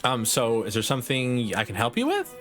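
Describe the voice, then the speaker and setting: An earnest, eager young hero who asks politely and wants to help, as a man reads him out. The voice is in a middling pitch, with faint music behind. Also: wildly swooping pitch, brisk.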